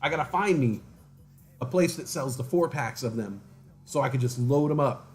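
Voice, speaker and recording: A man's voice: mid-range voice, expressive, moderate pace, a little mellow, faint music behind. A man casually chatting to viewers on a livestream, telling rambling stories and mimicking other people's voices. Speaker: livestream host.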